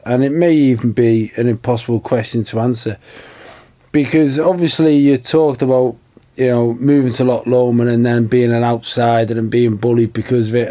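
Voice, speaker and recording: A man with a mellow, mid-pitched voice hosts an interview. He asks long, thoughtful, probing questions in an easy conversational tone. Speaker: host. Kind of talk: interviewing in casual chat.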